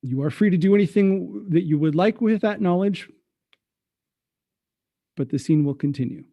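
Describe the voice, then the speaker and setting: A man's voice: sits high, normal speed, gravelly, dark tone, dry recording. Game master man, dry close sound. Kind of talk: narrating a tabletop game.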